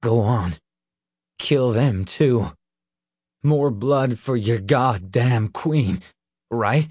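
A man's voice: medium pitch, extremely slow, a little mellow, husky, no room sound, clean studio sound. A man voicing a wounded teenage boy who snaps bitter, angry accusations, reading an audiobook. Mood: cold, bitter.

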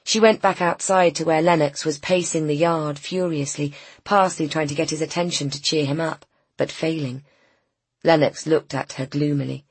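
A woman narrating a novel as an audiobook, in calm, even storytelling. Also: deep voice, normal speed, husky, dry recording. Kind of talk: scripted narration.

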